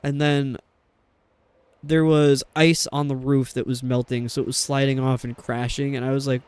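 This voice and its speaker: A man's voice: mid-range voice, level tone, normal speed, a little mellow, clean tone, dry recording. A young adult man streaming a game, chatting in a rambling, casual way with lots of fillers. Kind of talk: casual chat while playing a game.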